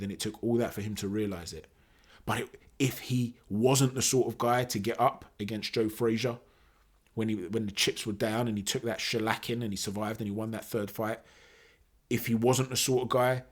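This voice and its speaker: A man with a mid-range voice hosts his own boxing channel, giving his views in a casual, animated monologue full of fillers and self-corrections.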